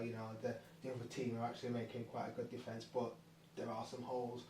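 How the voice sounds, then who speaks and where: Man, rambling casual explainer, mid pitch, roomy distant recording. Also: flat delivery, fast talker, hardly any pauses, dark tone. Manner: rambling, hesitant, lots of fillers and restarts. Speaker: channel host. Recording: echoey room, distant mic, faint noise.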